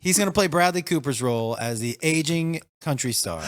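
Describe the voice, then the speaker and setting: A man's voice: on the high side, lively intonation, fairly quick. A man co-hosting a casual studio podcast, joking playfully and often trailing off while he searches for words. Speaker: podcast co-host. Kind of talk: casual chat.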